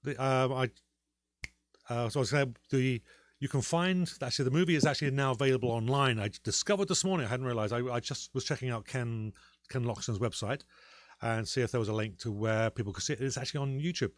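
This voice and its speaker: A man's voice: medium pitch, quick pace. A man co-hosting a casual podcast, talking in a rambling way with many fillers and restarts. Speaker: podcast co-host.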